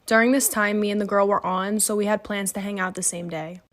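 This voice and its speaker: Woman, casual storytime, chatty with "like" fillers, mid-pitched voice, dry close sound. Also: fairly even intonation, brisk, no room sound. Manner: chatty, frequent "like" fillers, swears freely.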